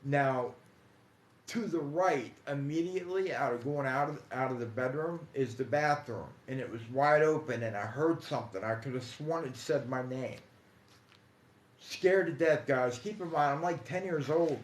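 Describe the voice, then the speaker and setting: A man casually telling his own paranormal experiences on a livestream, calling his listeners guys and dude, hushed in some stretches and emphatic in others. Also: mid-range voice, normal speed. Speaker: paranormal storyteller. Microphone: phone or computer mic on a livestream. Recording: echoey room.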